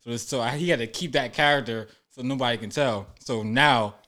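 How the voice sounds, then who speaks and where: A man's voice: mid-range voice, brisk, pushed and bright. A man talking casually about making his web series, loose and laughing often. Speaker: web series creator and actor. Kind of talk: casual podcast chat.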